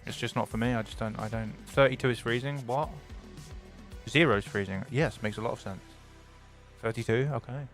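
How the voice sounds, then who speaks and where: Soft music plays behind a young British man chatting on a stream at a brisk pace in a medium-pitched voice. Excitable and swearing freely, he shifts between loud enthusiasm and mock gloom.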